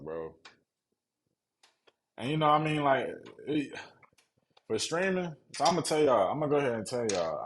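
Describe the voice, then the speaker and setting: A man's voice: on the low side, a little hiss or hum. Laid-back Southern man streaming a build. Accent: Southern US, Mississippi. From Mississippi, US South. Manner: laid-back slangy talk, reads chat aloud. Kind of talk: casual live-stream chat to viewers.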